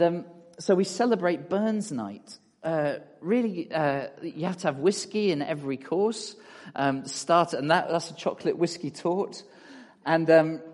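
A middle-aged man giving a relaxed, chatty talk in a church hall, full of fillers and asides to the audience. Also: fairly high pitch. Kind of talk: conversational sermon with slides. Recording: long hall reverb.

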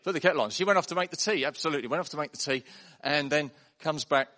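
A man's voice: on the high side, fast, bright, forceful tone. A man, a pastor delivering a chatty, self-deprecating sermon full of jokes and anecdotes to a congregation in church. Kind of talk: humorous sermon storytelling.

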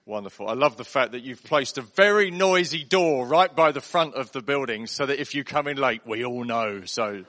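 A male pastor preaches in a church, chatty and self-deprecating as he tells stories and jokes. His voice sounds bright and lively at a middling pitch. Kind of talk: humorous sermon storytelling.

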